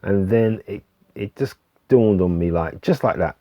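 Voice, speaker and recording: A man casually reviewing albums he recommends, hesitant with many fillers and restarts, relaxed and enthusiastic. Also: sits low, unhurried, no room sound. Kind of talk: casual music review vlog. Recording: dull lo-fi dry recording.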